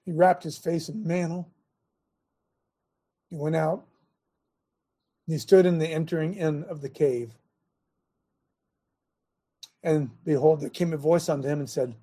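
A man preaching to a men's gathering, reading scripture and swinging from loud urging calls to hushed near-whispers in a husky voice. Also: fairly high pitch, steady tone, moderate pace, pauses often.

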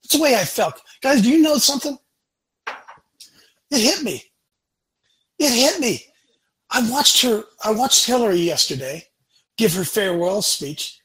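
Forceful husky man preaching bluntly. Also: extremely high pitch, very animated, measured pace, pauses often, poor audio. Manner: emphatic, blunt, repeats lines for punch. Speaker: show host. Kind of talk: fiery preaching talk.

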